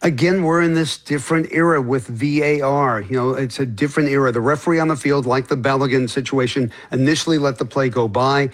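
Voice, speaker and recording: A male sports reporter talks through a match in a measured, explanatory way at a middling pitch. Now and then an "uh" slips in. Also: fairly even intonation. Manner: measured, explanatory, occasional fillers. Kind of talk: news interview.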